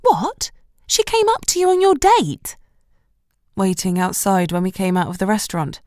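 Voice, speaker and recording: A woman reading an audiobook, voicing a bubbly, caring young best friend who talks high and excitably. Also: brisk, no echo, clean studio sound, lightly acted. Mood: gushing.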